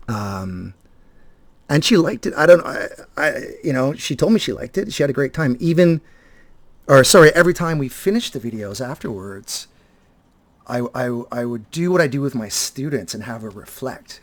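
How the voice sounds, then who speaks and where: A man in his fifties talking casually and reflectively to his viewers, halting often and repeating words as he restarts his sentences. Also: mid-range voice, expressive. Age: 50s. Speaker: vlogger and teacher.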